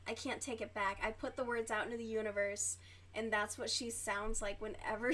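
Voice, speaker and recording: Young woman, fairly high voice, casual livestream chat, rambling, swears a lot, lots of fillers. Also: normal speed, fairly bright tone. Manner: rambling, chatty, swears freely, many fillers. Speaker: livestream host.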